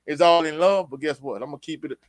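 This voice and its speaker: A man's voice: fairly high pitch, fast, dry recording. A man hosting a casual sports live stream, reading viewer comments and giving his opinions in a laid-back, opinionated way. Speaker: sports show host reading live chat.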